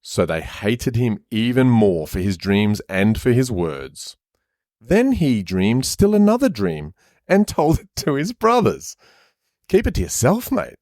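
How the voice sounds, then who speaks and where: A man's voice: fairly low pitch, very animated, a little slow, darkish tone, no echo, clean studio sound. A man co-hosting a podcast, reading scripture aloud in a casual, chatty way and stopping often to comment. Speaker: podcast co-host and reader.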